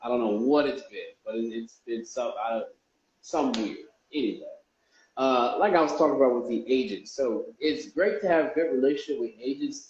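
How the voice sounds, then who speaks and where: A man talks casually to his followers in a loose, rambling way, often restarting his sentences. His voice sits at an ordinary middle pitch. The sound is roomy and echoey, and a bit dull and lo-fi. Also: darkish tone. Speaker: real estate investor. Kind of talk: casual vlog talk to viewers. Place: indoors, a warm room.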